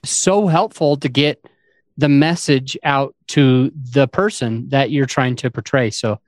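A man's voice: mid-range voice, no room sound, studio quality. A man hosting a podcast interview in a casual chat, explaining his ideas as he thinks aloud. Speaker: podcast host.

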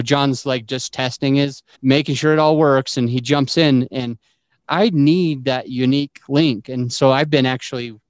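A man's voice: mid-range voice, no room sound. A man hosting a podcast over a remote call, chatting casually and laughing often as he explains recording gear. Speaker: podcast host. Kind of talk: casual chat.

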